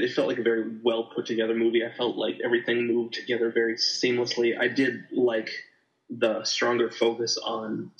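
Guy reviewing a movie on a podcast, pretty monotone, kinda rambly, audio a bit muffled. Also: mid-range voice. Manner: rambling, many fillers and restarts. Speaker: podcast co-host. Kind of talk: casual chat, movie review.

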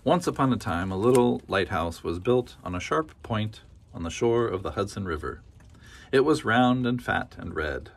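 A man reads a children's picture book aloud, his voice sitting on the low side. He tells the story gently and rhythmically, leaning into its repeated phrases. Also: expressive, normal speed, gravelly. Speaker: storybook reader.

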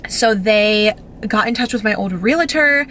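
Her voice mid-range, slightly bright, and a little slow, a young woman shares an emotional story in a home vlog, breathless, gushing, and nearly crying. Fillers crowd her speech, and a faint hiss or hum sits under the recording.

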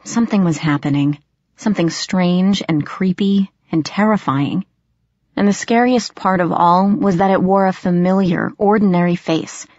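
A woman with a fairly low voice reads a first-person audiobook in a steady, expressive way. The recording is dry and close, with a slightly dull, lo-fi tone. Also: normal speed, no room sound. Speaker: audiobook narrator.

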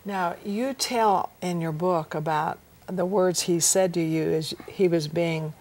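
A woman co-hosting a Christian talk show, asking a guest a question in a slow, gentle way. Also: lowish voice. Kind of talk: interview question.

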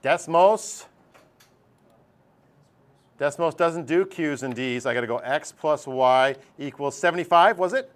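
A middle-aged man teaching a math class, lively and joking, acting out his students' voices. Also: on the high side, a little slow, long pauses. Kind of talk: classroom lecture.

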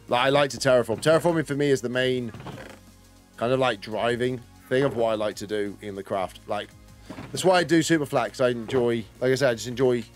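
A man chatting casually while streaming a game, rambling and greeting and answering viewers as he plays. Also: mid-range voice. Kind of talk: casual live-stream commentary.

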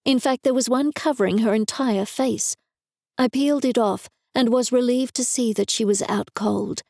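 A woman's voice: fairly high pitch, moderate pace, creaky, a little mellow, no room sound. A woman reading a first-person novel aloud in a dry, wry manner, recorded close to a studio mic. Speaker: audiobook narrator. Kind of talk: scripted narration.

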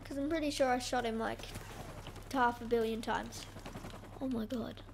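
A young woman giving excitable, self-mocking commentary over her own gameplay. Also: on the high side, normal speed, creaky, slight background noise. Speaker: gaming YouTuber.

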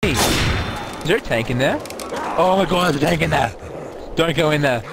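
A man doing let's play commentary on a co-op game, excitable and often yelling and laughing. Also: fairly high pitch, normal speed, vocal fry, very noisy. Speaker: gamer playing co-op. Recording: loud music over the game audio. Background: loud background music, gunfire.

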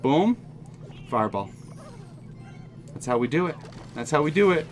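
A man giving excited, jokey running commentary on his own mobile game, talking straight to his viewers. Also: on the high side, normal speed, faint music behind. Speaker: gaming channel host. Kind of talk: live gameplay commentary.

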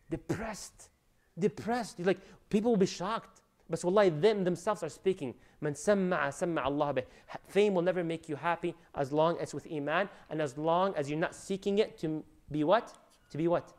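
A man giving an animated religious lecture, preaching with loud rising emphasis and Arabic phrases mixed in. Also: on the high side, normal speed. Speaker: Islamic lecturer.

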